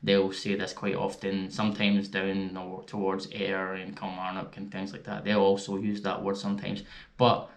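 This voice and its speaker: Scottish bloke vlogging from his house, low-ish voice, easygoing and chatty. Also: monotone, moderate pace. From Scotland. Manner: chatty, easygoing, laughs at his own examples. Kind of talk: casual explainer vlog. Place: indoors at home.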